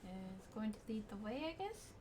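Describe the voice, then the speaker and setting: A woman player in a tabletop game, expressive and reactive, swearing when surprised. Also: medium pitch, moderate pace, slightly rough.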